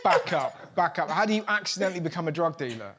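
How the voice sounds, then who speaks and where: A man hosting a comedy show, riffing excitably and swearing freely with members of a studio audience. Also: a little high, quick pace, a crowd in the background. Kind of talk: joking banter with the studio audience. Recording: studio audience noise behind.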